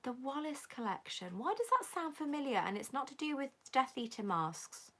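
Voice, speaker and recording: A woman from Britain hosting a casual live-stream Q&A, reading viewer comments aloud and gushing warmly back at them. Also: high voice, sing-song, normal speed. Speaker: YouTube host answering viewer comments.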